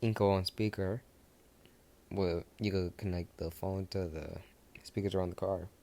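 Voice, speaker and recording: Deep-voiced young man rambling a story. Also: fairly even intonation, moderate pace, creaky, warm tone. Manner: rambling, many restarts and asides. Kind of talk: casual improvised fan story.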